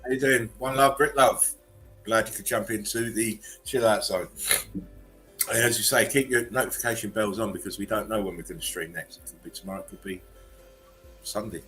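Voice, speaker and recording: A man with a low, bright and forceful voice hosts a casual livestream, joking crudely and breaking into laughter and coughs. Faint music plays behind him. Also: fairly quick, poor audio. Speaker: livestream host. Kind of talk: casual chat.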